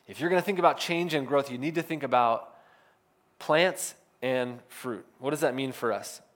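Casual, slightly high-voiced male pastor. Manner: casual, filler-heavy with frequent "like". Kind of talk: conversational sermon.

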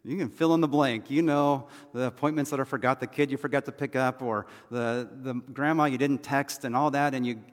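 A man preaching from the pulpit, his voice rising to urgent, loud appeals and then dropping to soft, hushed reassurance. His words ring out with a long hall reverb behind them. The pitch sits in an ordinary middle range. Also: steady tone, brisk, hardly any pauses. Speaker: pastor. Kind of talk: sermon.

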